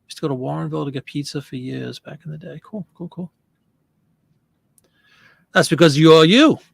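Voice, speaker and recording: A man's voice: a little high, normal speed, creaky, slightly rough. A man hosting a live stream, chatting casually and answering viewer comments.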